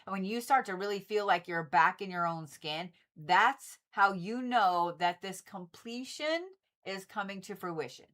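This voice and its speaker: A woman's voice: medium pitch, animated, measured pace, fairly bright tone. A woman hosting a livestream, chatting casually and repetitively with viewers and swearing freely. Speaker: livestream host reading zodiac forecasts.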